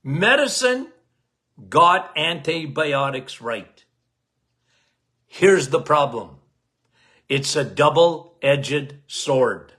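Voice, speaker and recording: A loud, emphatic man hosts a casual health talk, his voice bright and forceful and pitched a bit high. He speaks slowly and drives his points home by repeating them. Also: very animated. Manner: loud, emphatic, cannot lower his volume; repeats key phrases, addresses listeners as guys. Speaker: health podcast host.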